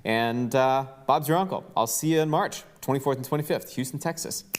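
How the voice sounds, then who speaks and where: A man's voice: mid-range voice, a little fast, noisy background. A man hosting a podcast, talking casually with plenty of fillers and jokes. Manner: jokey, loose, lots of fillers. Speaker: podcast host.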